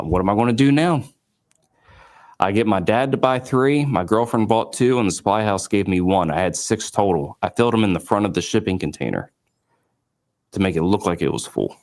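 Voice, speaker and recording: A man in his late twenties, a company founder, telling his story in an interview with lively quoted dialogue and many fillers. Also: lowish voice, a little fast.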